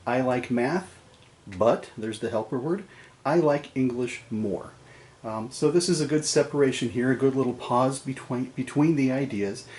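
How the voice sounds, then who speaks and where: Guy teacher doing a video lecture, chill and chatty, normal voice, lots of ums. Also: medium pitch. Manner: relaxed and conversational, with fillers and light laughs.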